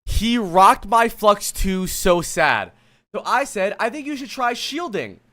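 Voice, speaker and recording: A male streamer coaching a player live, with a high, bright voice. He is blunt and exasperated, swears freely, and breaks off to talk to his chat while he lectures. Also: very animated, slow pace. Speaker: streamer coach reviewing gameplay.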